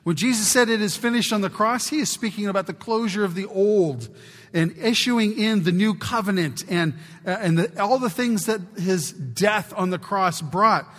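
A man preaching a sermon as pastor, exhorting his church and swinging from loud to hushed. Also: high-pitched, animated, normal speed. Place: church sanctuary. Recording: long church reverb.

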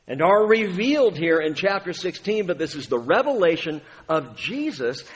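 Male pastor, fairly high voice, dramatic sermon delivery that swells loud then drops to a hush, long hall reverb. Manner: dramatic, swings from booming to hushed.

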